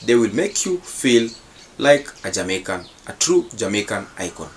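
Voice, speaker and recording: A man's voice: lowish voice, sing-song, normal speed, a little hiss or hum. A man hosting his channel, giving casual reaction commentary in formal, repetitive phrasing. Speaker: channel host.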